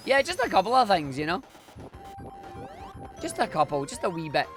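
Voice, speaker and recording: A man's voice: sits high, huge pitch swings, moderate pace, fairly bright tone, faint music behind. A Scottish man from Scotland, a streamer chatting casually and slangily while he speedruns. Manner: chatty and slangy, rambling asides.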